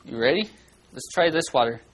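A children's church teacher giving an animated Bible lesson, asking the kids lots of questions and breaking into loud, dramatic bursts. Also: mid-range voice, fairly quick, rough recording.

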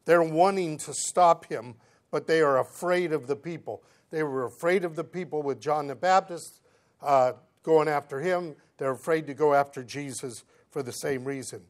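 A man preaching, reading scripture aloud and explaining it in plain conversational words, swinging between emphatic lines and quiet asides. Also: a little high, moderate pace. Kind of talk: Bible teaching sermon.

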